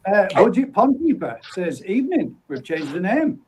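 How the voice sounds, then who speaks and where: Higher-voiced man hosting a live chat. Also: big pitch swings, moderate pace, darkish tone, slightly rough, low-quality recording. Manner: friendly, easygoing, greets people by name. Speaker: livestream host. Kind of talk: casual live chat, reading out viewer comments.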